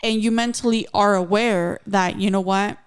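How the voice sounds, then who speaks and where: Smooth-voiced woman, earnest podcast host. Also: medium pitch, steady tone, normal speed. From Mexican-American. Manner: earnest, reflective, mixes in Spanish phrases. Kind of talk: casual podcast conversation.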